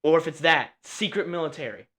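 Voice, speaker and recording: A young man hosting a podcast with his father, earnest and easily flustered, talking in quick bursts. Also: on the high side, a bit bright. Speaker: podcast host, son. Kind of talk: casual chat.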